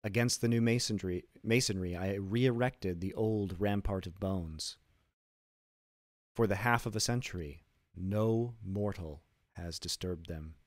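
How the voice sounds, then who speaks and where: A man narrating a classic tale in a low voice, unhurried and deliberate, lingering over each phrase. The sound is dry and close, with no room around it. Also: no room sound. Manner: slow, measured, deliberate delivery. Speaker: streamer reading classic literature. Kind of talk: dramatic reading of a classic story.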